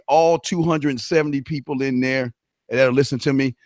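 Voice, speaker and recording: A man co-hosting a casual podcast who swears freely and gives a pumped-up motivational shout-out to listeners. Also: medium pitch, steady tone, brisk, no echo. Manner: profane, hyped, motivational shout-outs. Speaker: podcast co-host and radio host.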